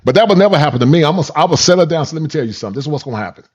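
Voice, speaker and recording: A man's voice: on the high side, lively intonation, very fast, a little mellow, breathy edge. Middle-aged male commentator, preachy, repetitive, slightly muffled recording. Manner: preachy, repetitive, laughs at own points, folksy slang. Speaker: channel host and commentator. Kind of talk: reaction commentary.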